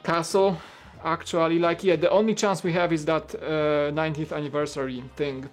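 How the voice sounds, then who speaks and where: A man's voice: fairly high pitch, flat delivery, moderate pace, soft background music. A man hosting a casual livestream, rambling along and filling his talk with "like" and restarts. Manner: rambling, heavy use of "like" and restarts. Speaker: livestream host. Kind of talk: casual chat.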